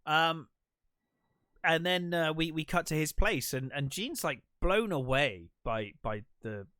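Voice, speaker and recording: A man talking through a movie on a podcast, his pitch rising and falling a lot as he retells scenes. The sound is dry and close, with no room echo. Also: expressive, measured pace, pushed and bright. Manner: retells scenes with quoted voices, many fillers. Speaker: podcast co-host. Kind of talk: casual film discussion.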